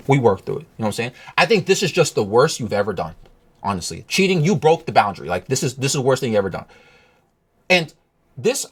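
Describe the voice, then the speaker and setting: A vlogger tells a breakup story in a loose, rambling rant, swearing freely and asking the listener over and over whether they follow. The voice is husky and a little rough. The pitch swings widely from low, weary mutters to sharp high peaks. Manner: rambling, profane, keeps asking "you know what I'm saying".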